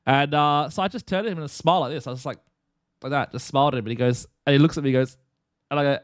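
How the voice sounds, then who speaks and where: A man's voice: a little high, rapid-fire, dry recording, studio quality. Chatty young man telling a story. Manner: animated, chatty storyteller acting out dialogue. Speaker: streamer and host. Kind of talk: casual storytelling on a live stream.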